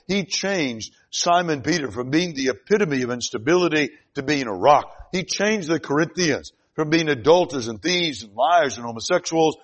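Emphatic male preacher, rising and dropping. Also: fairly high pitch. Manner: emphatic, swings between loud declaring and quiet, slowed delivery. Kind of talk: sermon.

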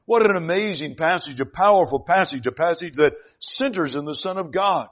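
A man's voice: a little high, expressive. Emphatic male preacher, rising and dropping. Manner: emphatic, swings between loud declaring and quiet, slowed delivery. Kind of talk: sermon.

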